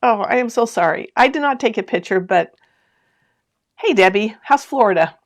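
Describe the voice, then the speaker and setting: A woman's voice: on the high side, lively intonation, normal speed. Chatty laughing woman hosting a live stream. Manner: laughs often while telling a story; talks straight to viewers with lots of asides and questions. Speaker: sewing channel host. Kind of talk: chatty live stream, reading viewer comments.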